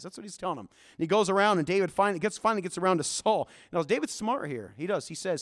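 High-voiced male pastor preaching. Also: quick pace. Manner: animated, folksy storytelling. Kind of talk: sermon. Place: church.

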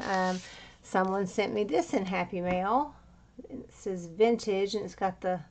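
A chatty woman with a mid-range voice shows off her crafts in a casual walkthrough of a handmade journal. She meanders, uses fillers, and sounds a bit out of breath.

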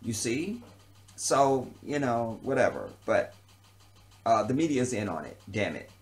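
A man's voice: medium pitch, very animated, measured pace. A man delivering an unscripted vlog rant in a heated, profane, emphatic way, often repeating a phrase for emphasis. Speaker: vlogger. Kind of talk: unscripted ranting monologue.

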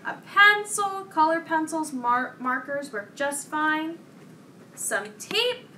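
A young woman talks to children in a slow, clear way while she reads a story and explains a craft. Her voice is high and bright. The mic is set far away and picks up a faint hiss. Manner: slow, clear, kid-directed. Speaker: children's program presenter. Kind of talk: storybook reading and craft instructions. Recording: distant mic with faint noise.

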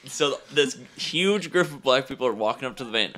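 A man's voice: medium pitch, animated, fairly quick, pushed and bright. A man hosting a podcast, chatting casually about a movie, laughing often and acting out lines in silly voices. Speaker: podcast host. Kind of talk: casual movie review chat.

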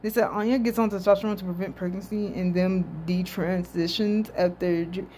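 A woman giving casual, animated reaction commentary as a video host, swearing and laughing often. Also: on the low side, normal speed, slight background noise.

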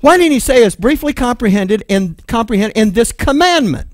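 A man's voice: sits high, animated, moderate pace, dry recording, clean studio sound. A man with a Texan accent preaching and teaching from the Bible, reading verses aloud and asking the room questions before he answers them himself. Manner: reads scripture aloud, then explains it verse by verse; calls to an assistant for the next slide. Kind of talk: sermon-style Bible teaching.

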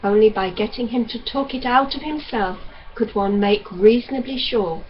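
A woman reading a novel aloud in an even, unhurried narrating voice. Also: a little high. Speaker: audiobook reader. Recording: dull lo-fi recording with faint hiss.

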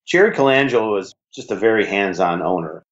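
A man in his sixties with a heavy Chicago accent, relaxed and reflective, telling stories as an interview guest. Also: lowish voice, a little fast, dull audio. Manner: relaxed, reflective, uses fillers like "you know". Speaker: guest, former league creative director. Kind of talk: conversational interview storytelling.

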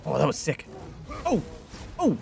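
A man streaming a video game, reacting loudly and excitedly to a fight as he plays. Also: fairly high pitch, unhurried, gravelly, background noise. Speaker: gaming streamer. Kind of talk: let's-play commentary. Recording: game music underneath.

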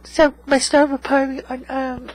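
A woman's voice: high-pitched, level tone, normal speed, a little hiss or hum, low-quality recording. A woman vlogging in casual chat to her viewers, rambling and tagging most remarks with 'okay?'. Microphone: USB microphone.

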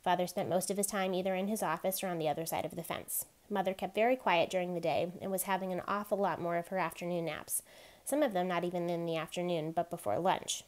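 A woman reads a novel aloud, chapter by chapter. Her narration is steady and even. Her voice sits a little low. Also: fast talker. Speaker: reader.

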